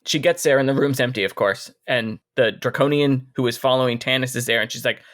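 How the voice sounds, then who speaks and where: A man co-hosting a casual book podcast, relaxed and thoughtful as he walks through the plot. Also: medium pitch, a little fast, dry recording, clean studio sound. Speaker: podcast co-host.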